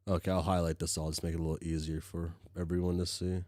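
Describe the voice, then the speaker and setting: A man streaming as he reads a webcomic aloud, talking casually, often halting and stammering. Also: low-pitched, little pitch movement, mellow, no room sound. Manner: halting, stammers and restarts, mutters to himself.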